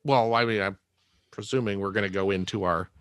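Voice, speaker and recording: A man's voice: fairly low pitch, fairly even intonation, brisk, fairly bright tone, clear, resonant tone, dry recording, clean studio sound. A man co-hosting a casual podcast, wry and teasing, often trailing off and restarting. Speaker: podcast co-host.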